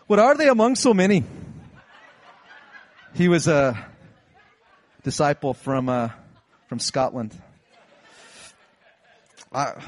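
A middle-aged man preaching a sermon, retelling a Bible story with lively acted-out lines. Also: a little high. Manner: animated storytelling, acts out disciples' lines. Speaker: pastor.

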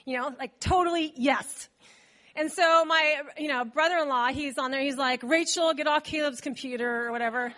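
A woman delivers a sermon in a very high, bright voice. Her preaching is chatty and animated, full of asides put straight to the congregation. She sounds like a pastor talking with her people rather than reading at them. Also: moderate pace.

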